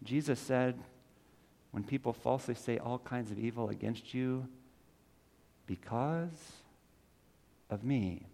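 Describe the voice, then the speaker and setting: A man's voice: mid-range voice, steady tone, moderate pace, gravelly, warm tone. A man preaching a sermon in a church, telling a story and building to emphatic peaks. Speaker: pastor. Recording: reverberant hall.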